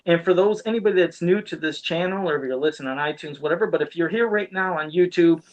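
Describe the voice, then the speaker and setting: High-voiced animated podcast host man. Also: fast talker, muffled recording. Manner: animated storyteller, laughs often. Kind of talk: casual podcast chat.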